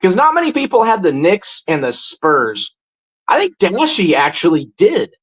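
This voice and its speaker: A man in his forties hosting a casual livestream, greeting viewers and chatting about sports, often jumping into loud, high bursts. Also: wildly swooping pitch, normal speed, slightly rough, poor audio. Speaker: livestream host.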